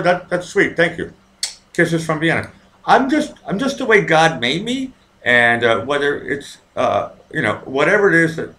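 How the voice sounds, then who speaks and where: Profane, lively man rambling. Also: mid-range voice. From Boston, USA. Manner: profane, rambling storyteller with many fillers and restarts. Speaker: livestream host reading viewer comments. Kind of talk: casual live-stream chat.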